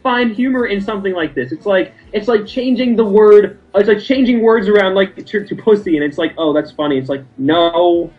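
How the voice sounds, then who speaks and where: A man speaks scornfully in a casual rant, repeating words as he builds his point. His voice is somewhat high. The recording sounds dull and lo-fi, with faint music beneath. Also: normal speed, hardly any pauses. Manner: scornful, mock laughter, stammering. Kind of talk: casual ranting commentary. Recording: dull lo-fi audio.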